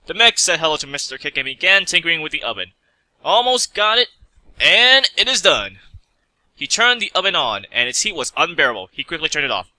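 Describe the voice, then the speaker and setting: A man narrating a fan story with a lively, animated pitch that rises and falls. His voice is bright and forceful, and the recording is close and dry. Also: fast talker, hardly any pauses, dry recording, low-quality recording. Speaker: story reader. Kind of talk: reading fan fiction aloud.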